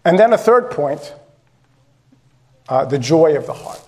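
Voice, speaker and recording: A man's voice: on the high side, lively intonation, measured pace, darkish tone. A male pastor preaching a sermon in a conversational, direct way, repeating phrases for emphasis.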